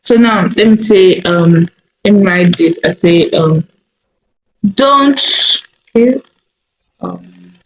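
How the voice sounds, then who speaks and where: A woman teaching a coding tutorial over a screen recording, thinking aloud slowly with many fillers and small self-corrections. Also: lowish voice, a little mellow, slight background noise, low-quality recording.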